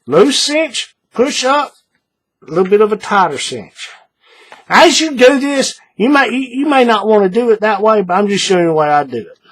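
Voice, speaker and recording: Lively husky man teaching a craft. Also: high voice, moderate pace. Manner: patient, repeats steps, checks in with "all right?". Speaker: paracord bracelet instructor. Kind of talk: hands-on craft tutorial.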